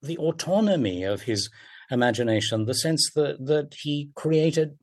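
An older man, a literary critic, speaking in a radio interview with emphatic, animated delivery and wide swings in pitch. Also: a little slow.

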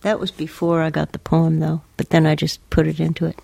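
An older woman poet talking in a radio interview, soft-spoken and hesitant, pausing often, and reading her poems aloud. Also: deep voice, completely flat delivery, creaky, no echo. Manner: hesitant, soft-spoken, many pauses and fillers.

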